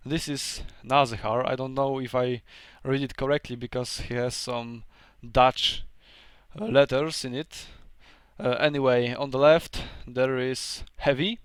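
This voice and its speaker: A man's voice: medium pitch, fairly even intonation, measured pace, clean tone, no echo. A man whose first language is Polish, casually commentating a strategy game battle, hesitant and thinking aloud with many fillers.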